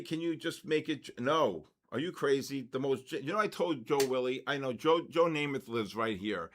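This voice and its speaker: An older man hosts a casual trading livestream, chatting loosely and breaking into excited shouts when the markets move. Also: mid-range voice.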